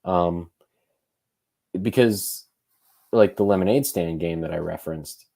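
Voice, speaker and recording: A man's voice: sits low, measured pace, creaky, dark tone. A man co-hosting a podcast, thinking aloud in loose, casual conversation. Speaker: podcast co-host.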